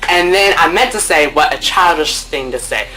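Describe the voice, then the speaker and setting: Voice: moderate pace, faint music behind. A young woman telling a casual story to camera at home, chatty and playful, acting out what people said with big jumps in her voice. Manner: animated, playful, acts out quotes with big pitch jumps; chatty with lots of fillers and swearing. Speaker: storytime vlogger. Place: at home, indoors.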